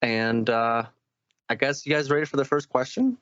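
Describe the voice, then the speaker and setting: A man's voice: mid-range voice, fairly even intonation, moderate pace, fairly bright tone, clean tone, dry recording. Sleepy male podcast host, laid-back, dry humor, dull lo-fi dry recording. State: tired. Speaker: podcast co-host and game judge. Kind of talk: casual podcast chat.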